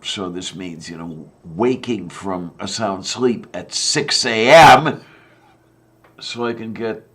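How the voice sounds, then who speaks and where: Slow, low-voiced easygoing man. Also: a bit bright, breathy edge. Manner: easygoing, rambling anecdotes. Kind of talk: casual chat.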